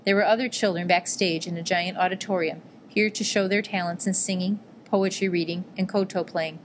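A woman with a fairly low voice reads a memoir-style novel aloud in calm, measured narration. Her delivery stays gentle and even, and a faint hiss of noise sits beneath her voice. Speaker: audiobook narrator.

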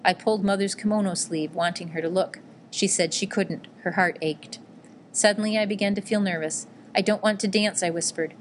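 Reading a memoir-style novel aloud, this female audiobook narrator uses a fairly low voice and a calm, measured pace. Her gentle, steady delivery sits over a faint background hiss.

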